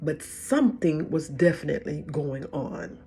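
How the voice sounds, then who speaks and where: A middle-aged woman telling her own hard story as emotional testimony, halting and repeating words as she goes. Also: sits low, animated, mellow, faint music behind. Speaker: vlogger sharing a personal story.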